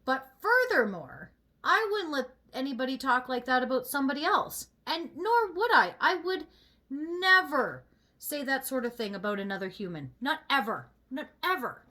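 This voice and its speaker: A woman's voice: sits high, very animated, moderate pace, bright, forceful tone. A woman vlogger chatting casually while she gets ready, venting in a candid and emphatic way.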